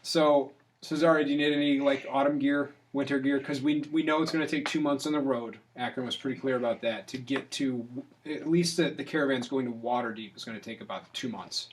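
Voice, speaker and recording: A man's voice: medium pitch, steady tone, fairly quick, a little hiss or hum. A man narrating a tabletop game as game master, playful and rambling.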